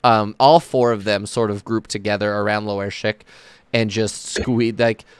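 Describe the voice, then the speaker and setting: A man's voice: on the low side, steady tone, measured pace, smooth, dry recording. A man narrating a tabletop game as game master, rambling with many fillers and laughs.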